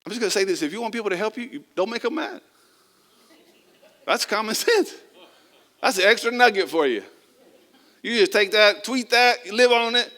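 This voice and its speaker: A man preaching with a high, bright voice that carries well. He talks to the congregation in a conversational way, building to loud, driving emphasis and then dropping to quiet, low passages. He acts out the people in his story in a casual voice. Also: expressive, normal speed, long pauses, big-room sound. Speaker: pastor. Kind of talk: sermon.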